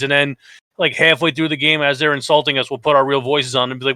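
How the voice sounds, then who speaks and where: A man's voice: a little high, quick pace, no echo. A man co-hosting a casual podcast, telling stories animatedly and acting out quotes. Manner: animated storytelling, acts out quotes. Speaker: podcast co-host.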